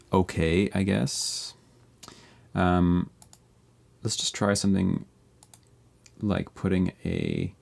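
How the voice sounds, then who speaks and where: Deep, creaky, and darkish in tone, this producer's voice carries a live stream where he builds a beat. He walks viewers through it casually, reasoning aloud as he edits tracks.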